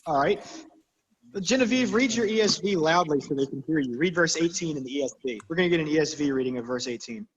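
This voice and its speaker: A man's voice: on the high side, animated, quick pace, slight background noise. A man leading a Bible study in a church, talking conversationally with the group and reading scripture aloud with emphasis. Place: church meeting room. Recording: long reverb of a church hall.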